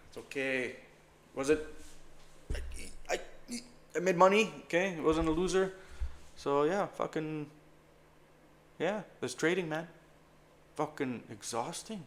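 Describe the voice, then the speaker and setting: A day trader swearing and muttering anxiously to himself while trading live, breaking into sudden shouts. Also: male voice, medium pitch, measured pace, long pauses, slight background noise.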